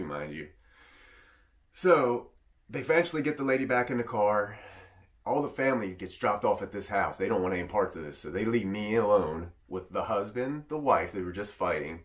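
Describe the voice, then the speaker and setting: A man with a low, deep voice tells a personal story in a loose, rambling vlog style. He doubles back and restarts his sentences as he goes. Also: animated, brisk. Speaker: vlogger. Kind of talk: casual storytelling.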